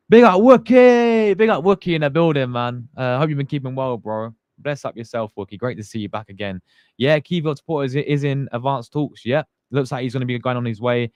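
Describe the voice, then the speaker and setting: A man's voice: mid-range voice, darkish tone, dry recording. A young man hosting a live fan stream, chatting casually and greeting viewers by name in slangy talk. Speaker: fan channel host.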